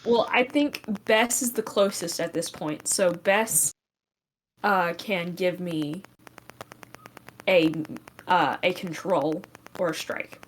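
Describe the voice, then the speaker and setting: Slow-talking woman game master. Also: lowish voice, a little hiss or hum, poor audio. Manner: halting, thinking aloud with many fillers. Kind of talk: narrating a tabletop game.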